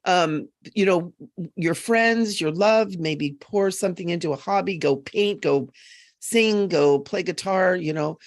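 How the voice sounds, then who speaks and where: A woman psychic medium in an earnest, emphatic live-stream chat, full of quick asides, on a webcam mic. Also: lowish voice, no echo, clean studio sound.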